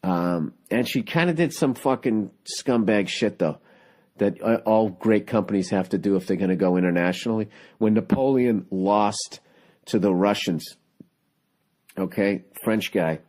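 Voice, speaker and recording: A man's voice: fairly low pitch, unhurried, a little mellow. A man in his forties hosting a podcast in a casual, profane, rambling chat, cracking jokes as he goes. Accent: Boston. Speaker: podcast host.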